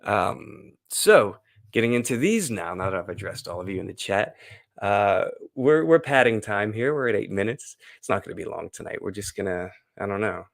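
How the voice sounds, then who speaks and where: A man hosting a casual live stream, chatting loosely and reading scripture slowly and dramatically. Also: on the low side, animated, creaky. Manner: loose, rambling, playful.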